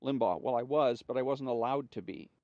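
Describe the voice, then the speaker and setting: A man's voice: medium pitch, a little fast, warm tone, dry recording. Man reading an interview aloud, dry sound. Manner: plain reading voice, announcing each speaker before their lines. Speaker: reader. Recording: dry, slightly dull home recording.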